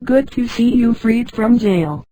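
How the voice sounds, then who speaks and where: A computer-voiced woman reading the lines of a wary young woman, in a flat delivery. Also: fairly high pitch, slow pace, no room sound, low-quality recording.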